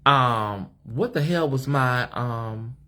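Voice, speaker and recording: A man's voice: mid-range voice, slow, bright, forceful tone. An American man hosting a live stream from a hotel suite, sassy and chatty, talking straight to his viewers in the comments. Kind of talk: casual live-stream chat.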